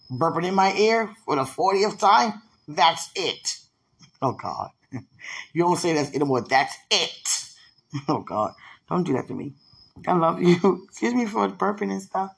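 Husky, gravelly woman talking softly. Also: lowish voice. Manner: emotional, prayerful and affectionate, often soft and murmured; laughs easily, playful. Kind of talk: casual heartfelt talk to a partner.

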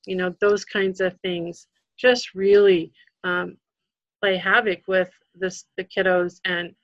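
A woman's voice: on the low side, little pitch movement, takes it slowly, no echo. A woman, a guest educator, giving parenting advice in casual talk, earnest, with many fillers and restarts. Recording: dull lo-fi sound.

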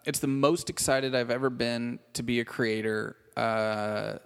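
Animated male storyteller, reverberant sound. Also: medium pitch, measured pace, vocal fry, clean tone. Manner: animated storyteller, casual and profane. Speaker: podcast guest. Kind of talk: casual podcast chat. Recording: long hall reverb.

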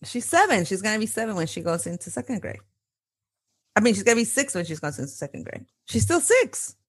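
A woman in her thirties co-hosts a podcast, chatting casually, laughing often and mixing in Spanish phrases. Her medium-pitched voice is slightly rough and brisk, with big pitch swings.

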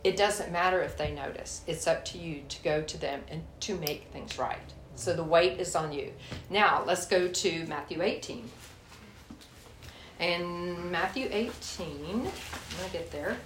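In an echoey room with faint hiss on the recording, a woman with a lowish voice preaches a candid, folksy sermon at a measured pace. She tells a personal story and calls the church group y'all.

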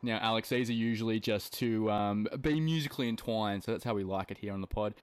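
An Australian man hosting a music podcast in an upbeat, casual way, with plenty of relaxed slang. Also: fairly low pitch, quick pace, smooth, dry recording. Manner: upbeat, laid-back slang. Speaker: podcast host. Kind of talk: casual chat.

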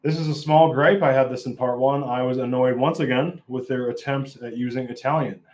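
A man's voice: medium pitch, steady tone, brisk, darkish tone, a little hiss or hum. Opinionated man rambling through a review. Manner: opinionated, rambling with frequent restarts. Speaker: film reviewer. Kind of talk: casual review commentary.

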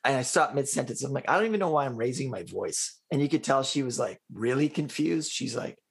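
A man in a casual conversation, telling animated personal anecdotes and acting out the quotes. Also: mid-range voice, brisk, creaky, slightly rough. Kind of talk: casual storytelling chat.

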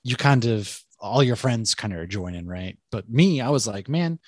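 A man's voice: on the low side, normal speed, no echo, clean studio sound. A man in his thirties with a Boston accent, a guest telling his story in casual podcast chat, loose and profane, often laughing. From Boston area, USA. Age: 30s. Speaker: podcast guest, military service member.

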